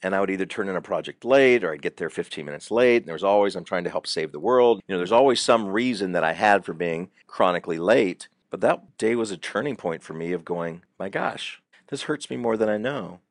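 A man's voice: deep voice, fast talker, few pauses, no echo, studio quality. A middle-aged man talking on a podcast as a guest counselor, telling stories with lots of repeated fillers. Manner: animated storytelling, frequent repeated fillers. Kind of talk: conversational podcast advice.

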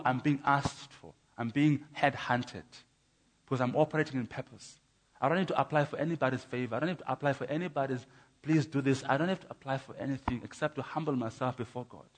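A man preaching his testimony in a church, emphatic, with rhythmic contrasts and stammering repeats. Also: mid-range voice. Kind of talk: sermon.

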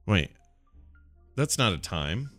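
A man hosting a podcast in casual chat, excitable and quick to laugh. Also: deep voice, faint music behind. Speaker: podcast host.

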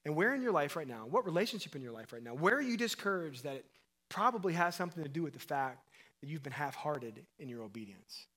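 A man preaching a sermon as pastor, asking his listeners questions and acting out quoted voices, swinging between loud emphatic calls and quiet low passages. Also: big pitch swings, fast. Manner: acts out quoted voices and asks the crowd questions.

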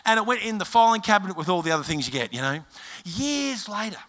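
Australian male pastor, middle-aged, high bright voice, emphatic storytelling sermon. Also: fast. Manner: animated storytelling, emphatic, with many restarts.

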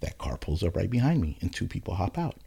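A man's voice: low voice, fast talker, vocal fry, breathy edge. A man telling a story in casual chat, acting out the voices of the people in it. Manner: animated storytelling, acts out quoted voices.

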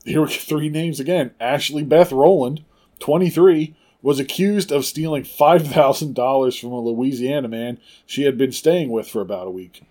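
A man's voice: mid-range voice, normal speed, dark tone. A man co-hosting a casual comedy podcast, reading strange news stories aloud with wry asides. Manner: laughs easily, reads with wry asides. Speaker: podcast co-host.

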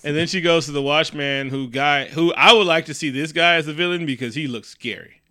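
A man talks loosely about a movie with a co-host, cursing often and jumping into mocking character voices. His tone is bright and forceful. The recording is dry and close. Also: fairly high pitch, fairly quick, no echo. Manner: profane, animated, does mocking voices of characters. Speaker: podcast co-host. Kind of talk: casual movie review chat.

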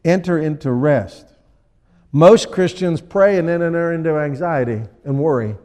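A man preaching a sermon as pastor, acting out people in little scenes with lively energy. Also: on the high side, normal speed, in a large hall. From USA.

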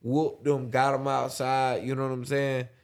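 Laid-back american dude on a podcast, slangy, kinda drawls his words sometimes. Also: mid-range voice. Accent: American English. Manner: relaxed slangy storytelling, drawls slowly at times. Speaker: podcast co-host. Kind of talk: casual chat.

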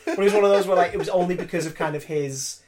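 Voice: medium pitch, rapid-fire. Chatty storyteller, filler-heavy. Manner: lively storyteller, acts out quoted voices, many fillers. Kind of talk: casual anecdotal chat.

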